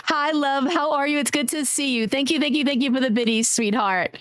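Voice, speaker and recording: A woman streamer chatting casually with her viewers, greeting them warmly by name and swearing now and then. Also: sits high, brisk, no echo. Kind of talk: casual live-stream chat.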